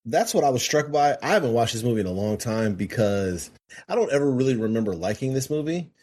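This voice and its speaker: A man talking slowly and deliberately in a casual movie podcast chat. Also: mid-range voice, expressive, a little mellow. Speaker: podcast co-host.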